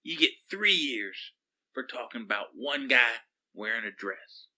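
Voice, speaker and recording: A man's voice: mid-range voice, animated, a little slow, pushed and bright, full character voice. A man playing a flippant pop psychologist from Oklahoma who hosts a comedic call-in show, prissy and easily rattled, stammering when callers swear. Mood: smug. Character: flippant middle-aged male pop psychologist radio host.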